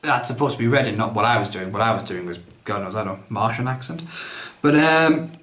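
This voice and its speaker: A man's voice: on the low side, expressive, a little fast, fairly bright tone. Chatty man in an echoey room. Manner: chatty, rambling, self-deprecating. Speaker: YouTuber answering viewer questions. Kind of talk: casual vlog Q&A.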